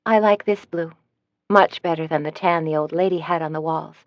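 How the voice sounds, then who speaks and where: Lady doing a cold curt villain woman, lowish voice, dry muffled audiobook sound. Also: fairly even intonation, normal speed, dry recording. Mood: menacing. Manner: curt, menacing. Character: cold threatening woman with a handgun.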